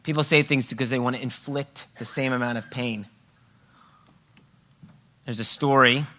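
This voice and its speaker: A bright, clear male voice addressing a room full of parents. He talks emphatically and keeps checking in with his listeners as he leads a workshop on communication. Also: mid-range voice, fairly even intonation, moderate pace. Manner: emphatic, often checking in with "okay?" and "right?". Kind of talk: live workshop talk to an audience. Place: room with a live audience.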